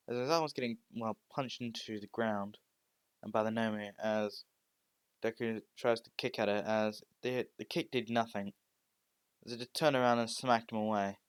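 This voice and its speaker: A man's voice: on the low side, fairly even intonation, normal speed, smooth, no echo. A man narrating an improvised fan story in a rambling way, with frequent restarts and "well"s.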